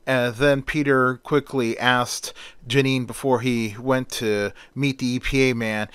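A man's voice: mid-range voice, fairly even intonation, measured pace, a bit bright, smooth, no echo. A man narrating an amateur fan story in a plain, repetitive "and then" storytelling manner.

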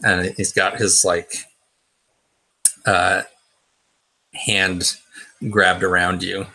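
A man's voice: deep voice, level tone, very slow, bright, forceful tone. A man narrating a tabletop role-playing game as game master, in a hesitant way with many fillers and restarts.

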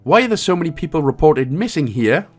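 Lively jokey man narrating a game walkthrough. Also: a little high, a little fast, faint music behind. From Wales. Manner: casual, jokey, reads out dialogue in put-on voices. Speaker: game guide creator. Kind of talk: walkthrough commentary.

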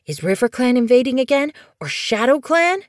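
In an audiobook, a woman voices an eager little male kitten who keeps asking excited questions, pitched above her own voice but close to an everyday one. It's medium pitch at a moderate pace, studio quality with no echo.

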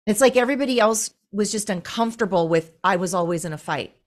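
A woman's voice: mid-range voice, fast. A woman guest on a podcast, speaking candidly and bluntly in casual chat.

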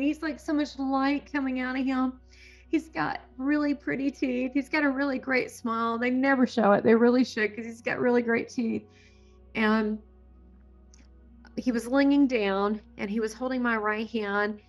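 A woman giving a personal testimony as a guest, animated and full of awe, often breaking into laughter. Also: a little high, normal speed, dull audio, soft background music. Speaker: near-death experiencer guest.

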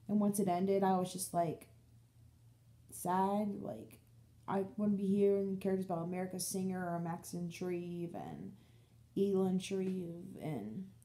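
Chatty young woman with a mellow voice. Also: medium pitch. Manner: rambling, animated storytelling with acted-out quotes. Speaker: book vlogger. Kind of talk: casual chat.

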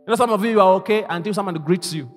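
A man preaching a sermon as pastor, leading the congregation to repeat his lines and moving between hushed asides and loud exclamations. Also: high voice, quick pace, soft background music. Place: church hall. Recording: reverberant church hall.

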